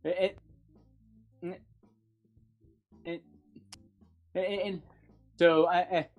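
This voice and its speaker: A man's voice: high voice, steady tone, dull audio. A man playing a tabletop game stumbles through his turns with many restarts. His voice sits mid-range, and faint music plays behind him. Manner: halting, many fillers and restarts. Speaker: player.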